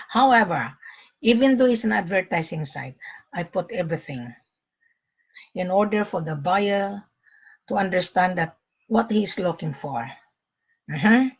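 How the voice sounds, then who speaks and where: A woman's voice: on the low side, expressive, measured pace, pauses often, breathy edge, dull audio. A woman selling gold, talking to viewers on her own live stream in a blunt, lecturing way, dropping frequent "mm-hmm"s. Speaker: gold seller hosting her own page.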